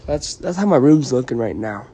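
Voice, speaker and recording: A man's voice: mid-range voice, expressive, normal speed, dark tone, a little hiss or hum. Rambling young man with a cold. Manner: meandering, apologetic, lots of ums. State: has a cold, yawning. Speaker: vlogger and podcaster. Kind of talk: casual rambling chat.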